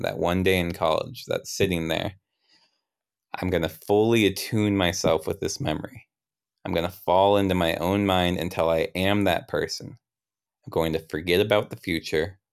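Low, smooth-voiced man narrating a memory. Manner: rambling, self-interrupting, wry. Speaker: player narrating his character. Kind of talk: improvised tabletop role-play narration.

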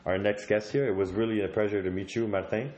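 Deep-voiced dude hosting a podcast, swears, super loose. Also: male voice, fairly even intonation, quick pace, a little mellow. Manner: loose, swears casually, many fillers. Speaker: podcast host. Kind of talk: casual comedic banter.

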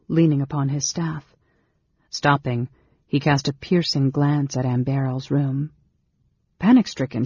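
A man narrating a fantasy novel aloud in a steady, measured storytelling manner. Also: fairly high pitch, slightly rough, no room sound. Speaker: audiobook narrator. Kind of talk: scripted narration. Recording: dull lo-fi dry recording.

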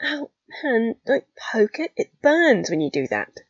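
A wry young schoolgirl, as a woman reads her, talking shakily and downplaying her pain in a voice pitched a little above the reader's own. The sound is dry and slightly muffled, like a home audiobook. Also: very animated, a little slow, no room sound, exaggerated voice. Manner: shaky, understated. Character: wry, tired young schoolgirl hiding hurt.

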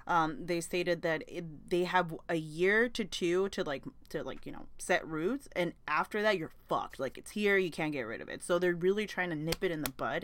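A woman's voice: on the low side, no echo. Profane, fired-up young woman ranting. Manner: profane, emotional rant with many fillers and restarts. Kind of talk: casual chat.

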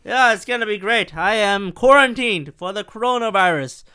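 A man hosting a rambling solo podcast from home on a desk microphone, excitable, swinging between loud bursts and quiet mumbling. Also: high voice, moderate pace, smooth. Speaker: podcast host. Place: home room.

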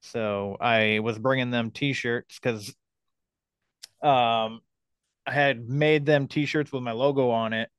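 A man hosting a podcast in casual conversation, speaking haltingly with many ums and restarts into a studio mic. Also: mid-range voice, fairly even intonation, fairly bright tone, clean tone, no echo. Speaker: podcast host.

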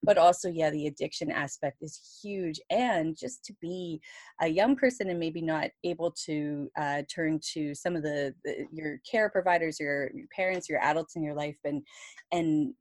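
Woman interviewer, animated and playful, slightly low voice, dry close recording. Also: normal speed, no echo. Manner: lively, animated, jokey asides. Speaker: podcast host. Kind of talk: conversational interview.

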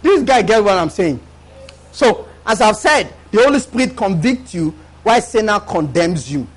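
A man's voice: sits high, very animated, normal speed, slightly rough. A man preaching a live sermon to a congregation in church, repeating words for emphasis and often asking the listeners if they follow.

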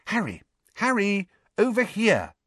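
A man performs a bossy, sharp schoolgirl, pushing his voice above his natural pitch in a heavily acted delivery. The pitch sits high and swoops wildly at a normal speed, with a brisk mood, in a studio-quality recording with no echo.

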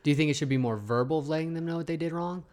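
A man's voice: a little high, racing, darkish tone. A man co-hosting a casual podcast chat, talking bluntly with lots of swearing and mock threats. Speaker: podcast co-host.

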